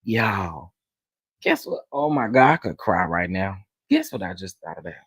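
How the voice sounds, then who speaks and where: A man, hosting a casual commentary chat, animated and dramatic as he talks to his viewers. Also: deep voice, moderate pace, husky, dry recording, poor audio. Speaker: commentary channel host.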